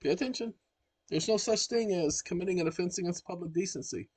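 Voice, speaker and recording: This man hosts his own channel and delivers an emphatic, preachy monologue straight to his audience. His voice is husky and sits somewhat high for a man. The sound is dry and close, with no room echo. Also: a little fast, a little mellow. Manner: emphatic and preachy, keeps addressing the audience directly. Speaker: channel host. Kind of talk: casual explanatory monologue.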